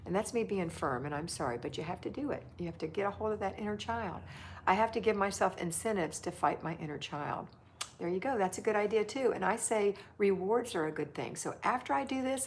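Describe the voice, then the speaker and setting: A woman's voice: mid-range voice, a little hiss or hum. A woman hosting a casual livestream, chatting affectionately and reading viewer comments aloud. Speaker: livestream host.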